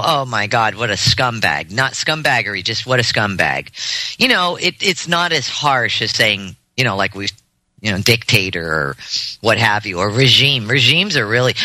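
Very bright-voiced rambling male host. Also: medium pitch, no room sound. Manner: rambling, many fillers and restarts, laughs easily. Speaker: podcast host. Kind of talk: casual podcast chat.

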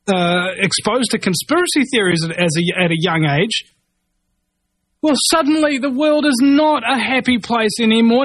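A man's voice: sits high, fairly bright tone, dry recording. A man ranting angrily in a rambling monologue, swearing and restarting his sentences as he reacts to a news article. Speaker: commentator reading news.

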